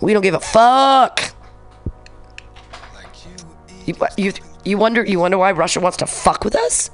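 A man's voice: sits high, lively intonation, fairly quick, a bit bright, faint music behind. A man hosting a radio show, reading news items and ranting about them in a sarcastic, profane way.

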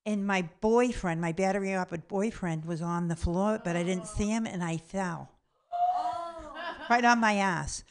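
A woman with a medium-pitched voice tells a comedic story about herself at a measured pace, blunt and cheerfully profane. She acts out the people involved, shifting into their voices for each quote.

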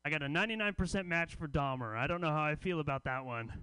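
A male stand-up comic with a notably high, smooth, resonant voice. He delivers his set with wry, deadpan asides to the audience. The recording is close and dry. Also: fast talker, no room sound. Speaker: comedy festival host and comic.

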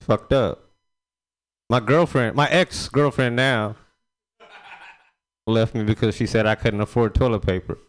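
A man's voice: mid-range voice, steady tone, unhurried, pauses often. A man performing a loose, rambling stand-up set on a comedy club stage. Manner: loose, rambling delivery with frequent fillers. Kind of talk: stand-up set at an open mic.

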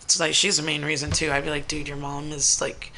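An American woman hosting a radio talk show, telling stories in a lively, profane way and acting out what people said. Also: sits low, a little fast, a little hiss or hum. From United States. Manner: animated, profane storytelling with acted-out quotes. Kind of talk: casual chat. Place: radio studio.

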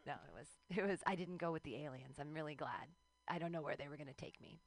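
A woman's voice: deep voice, fast talker, gravelly, no room sound. A woman hosts a comedy show on the radio, gushing over each act and hyping up the next one. Her voice sits in the middle range, and the sound is close and dry. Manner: gushing, enthusiastic introductions. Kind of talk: live comedy show hosting.

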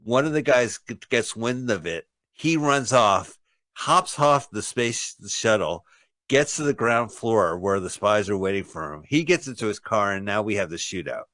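A man's voice: lowish voice, expressive, normal speed, a bit bright, no echo. A man co-hosting a casual radio show, wryly explaining a movie's plot as they watch. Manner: wry, rambling, explains plots. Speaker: podcast co-host.

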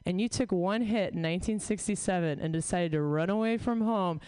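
A woman's voice: fairly low pitch, fairly quick, a little mellow, clean tone, no room sound. Profane self-mocking woman comic. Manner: profane, self-deprecating, rambling. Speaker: stand-up comic. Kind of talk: stand-up set, casual riffing.

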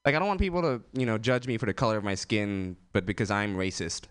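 A man's voice: on the low side, quick pace, noisy background. A young man doing an open-mic stand-up set, rambling with lots of fillers and chuckling at his own jokes. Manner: loose, rambling delivery with many fillers and self-laughs. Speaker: stand-up comedian.

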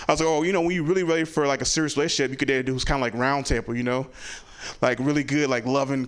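A man doing a stand-up comedy set on a club stage, telling stories and asking the crowd "right?" as he goes. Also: mid-range voice. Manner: storytelling with lots of "right?" asides; acts out family members loudly.

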